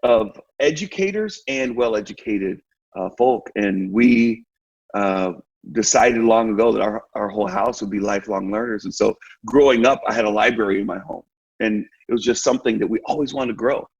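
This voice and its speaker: Man, podcast guest, low husky voice, relaxed, jokey, fillers, muffled remote audio. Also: normal speed. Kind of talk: podcast interview.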